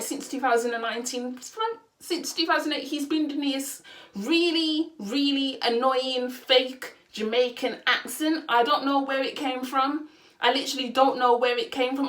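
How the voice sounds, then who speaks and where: A woman's voice: on the high side, fairly bright tone. A young adult woman talking straight to camera on her vlog, emphatic and indignant, repeating her questions for effect. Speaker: vlogger. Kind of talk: opinion vlog rant.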